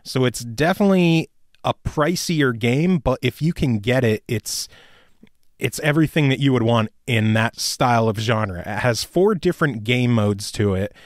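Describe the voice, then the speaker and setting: A man hosts a casual podcast, trading crude jokes and breaking into laughter often. His voice sits at a middle pitch and is recorded close and dry, with little room sound. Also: normal speed, no room sound. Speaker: podcast host.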